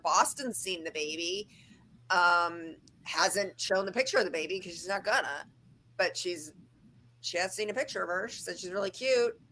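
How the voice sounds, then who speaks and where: Bright-voiced gossiping woman co-host. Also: on the low side, a little hiss or hum, low-quality recording. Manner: animated, gossipy, sarcastic. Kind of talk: casual gossip chat.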